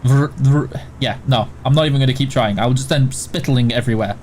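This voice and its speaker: A man's voice: medium pitch, quick pace, a little hiss or hum. A man with a Yorkshire accent from near Barnsley, hosting a game livestream and chatting casually with viewers, rambling with lots of restarts. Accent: Yorkshire (Barnsley area). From Yorkshire, England. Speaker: stream host. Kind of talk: casual livestream chat answering viewer questions while gaming.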